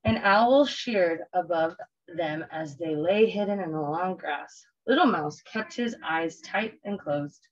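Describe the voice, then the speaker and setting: A woman teacher reading a picture book aloud to children in a gentle, expressive storytelling way. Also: fairly low pitch, slow pace, muffled recording.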